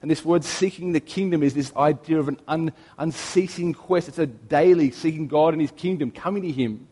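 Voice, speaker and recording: Higher-pitched pastor in a reverberant hall. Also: male voice, a little fast, slightly rough. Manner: conversational storytelling with gentle humor. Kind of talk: sermon.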